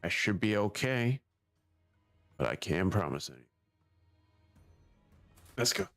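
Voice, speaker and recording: Deep gravelly man streaming a game. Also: sing-song, unhurried, fairly bright tone, no room sound, soft background music. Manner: offhand, swears at slip-ups. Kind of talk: casual game livestream, reading dialogue aloud.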